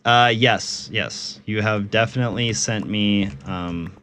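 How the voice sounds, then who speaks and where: A man's voice: lowish voice, takes it slowly, pushed and bright, slight background noise. A man streaming a game and chatting casually with viewers, laid-back, swearing freely and often laughing.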